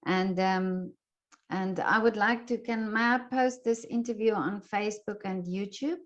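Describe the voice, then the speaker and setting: A woman's voice: mid-range voice, steady tone, measured pace, dull audio. A woman hosting an interview over a video call, effusive and friendly, often restarting her sentences. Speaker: interviewer, host. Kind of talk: casual interview chat.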